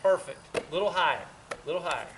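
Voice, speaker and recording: A man with a notably high voice coaches basketball shooting drills outside, calling short, upbeat cues as his player shoots. A faint hiss of outdoor noise sits under his voice. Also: animated. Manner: encouraging coaching patter with quick cues. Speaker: parks and recreation director coaching basketball.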